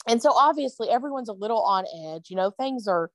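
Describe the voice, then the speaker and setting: A woman's voice: a little high, expressive, fast talker, dry recording. A tired, yawning woman, telling a story in casual chat with lots of fillers. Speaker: podcast co-host.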